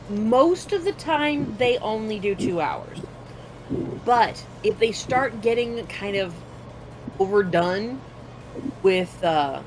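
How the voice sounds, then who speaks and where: A woman's voice: medium pitch, noisy background. A woman streaming as she draws, telling stories in a casual chat and acting out other people's voices. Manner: animated storyteller, acts out voices, swears casually. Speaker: art streamer.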